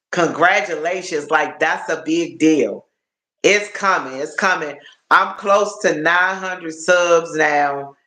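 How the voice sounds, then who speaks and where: Tired guy on a phone live, kinda high voice, talks real slow, echoey room, keeps saying y'all. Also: bright, forceful tone. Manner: chatty, repeats phrases, addresses viewers as y'all. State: tired and achy. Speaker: livestream host. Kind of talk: casual live-stream chat to viewers.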